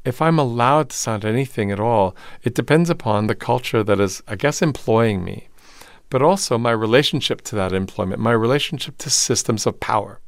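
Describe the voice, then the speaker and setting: A male professor speaking as an interview guest in a studio, with expansive, animated explanations. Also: mid-range voice, fairly quick, no echo. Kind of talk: conversational interview.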